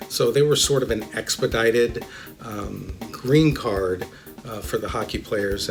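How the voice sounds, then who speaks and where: Chatty man telling stories, faint music. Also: mid-range voice. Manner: relaxed, chatty, many "you know" fillers. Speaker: immigration lawyer. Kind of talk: anecdotal storytelling.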